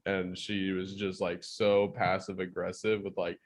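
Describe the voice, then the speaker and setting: A man's voice: low voice, level tone, measured pace. A man chatting casually on a podcast in a laid-back way. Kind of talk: casual chat.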